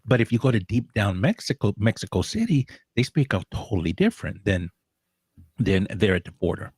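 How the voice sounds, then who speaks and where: A man chatting casually on a talk show, telling animated stories with frequent restarts and laughs. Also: fairly low pitch, a little fast, husky, no room sound, clean studio sound. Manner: animated storyteller, laughs often, many restarts. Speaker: co-host of a social media talk show. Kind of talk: casual chat.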